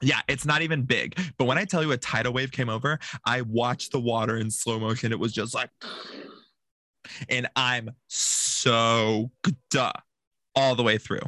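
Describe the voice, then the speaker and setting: A man's voice: mid-range voice, a little slow, dry recording. A man chatting on a casual podcast, telling a story with lots of acted-out quotes. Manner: animated storyteller who acts out quotes. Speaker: podcast guest.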